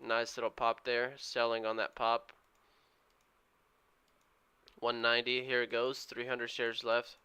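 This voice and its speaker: A man's voice: mid-range voice, completely flat delivery, measured pace, long pauses, bright, forceful tone, clear, resonant tone. A man streaming his day trading live, giving a running play-by-play and urging the price moves on to his viewers. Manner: eager, urges price moves on.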